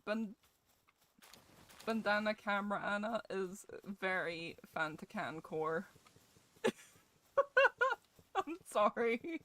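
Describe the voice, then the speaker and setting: A woman's voice: mid-range voice, takes it slowly, long pauses, a bit bright. A young woman streaming a game and chatting casually with her viewers, giggling and swearing freely while sounding ill with a cough.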